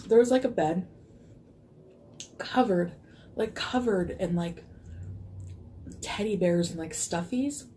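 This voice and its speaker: A woman with a warm, lowish voice tells a casual storytime, rambling and full of fillers. She laughs easily, and there's slight background noise.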